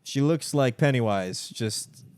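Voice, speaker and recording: A man's voice: mid-range voice, expressive, measured pace, a little mellow, clean tone, dry recording. New guy on a comedy podcast, rambling story, does little voices for people, dry close mic. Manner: rambling, acts out people he overheard. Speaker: podcast co-host.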